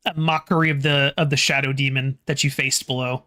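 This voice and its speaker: A game master running a tabletop horror game, halting and restarting phrases while describing the scene and calling for rolls. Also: mid-range voice, flat delivery, pushed and bright.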